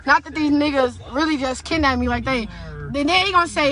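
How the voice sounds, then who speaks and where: A woman's voice: sits high, brisk, fairly bright tone. A young woman from Indianapolis, a guest in an interview, retelling events in a casual, profane way with lots of quoted dialogue. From Indianapolis, USA. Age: young adult. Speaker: guest recounting a kidnapping.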